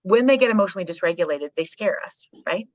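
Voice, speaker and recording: A middle-aged woman talking in a lowish voice, telling stories bluntly and with plenty of swearing. Her voice sounds a little dull and muffled, with a dry, close sound and no room around it. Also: quick pace, dry recording. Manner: blunt, profane, animated storytelling. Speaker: psychologist guest. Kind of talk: candid podcast conversation. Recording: slightly muffled dry recording.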